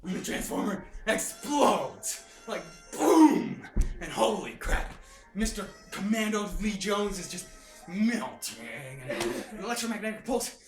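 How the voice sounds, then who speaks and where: A hyper young man retelling a movie in a casual, excited way, laughing and making sound effects, filmed on his sister's phone. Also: sits high, unhurried. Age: young adult. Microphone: phone held by his sister. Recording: roomy and far from the phone, with music.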